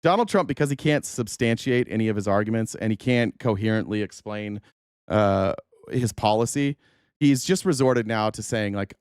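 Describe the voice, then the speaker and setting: A man hosting a livestream of political commentary, ranting in a profane, animated way. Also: fairly low pitch, moderate pace, clear, resonant tone, no room sound, studio quality. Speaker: host.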